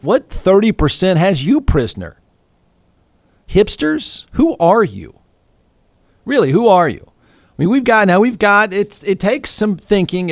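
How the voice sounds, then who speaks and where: A snarky middle-aged male talk show host delivers a sarcastic, mocking monologue, his slightly high voice leaping up when he gets worked up. The sound is close and dry, with no room in it. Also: no room sound. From Texas. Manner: sarcastic, mocking, animated rants with sudden pitch jumps. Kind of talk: snarky political commentary monologue.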